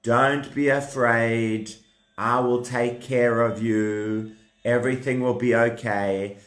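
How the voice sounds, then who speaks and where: A man voicing God as a calm, reassuring divine presence, speaking slowly and softly in a children's puppet story. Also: mid-range voice, reverberant, voice pushed down.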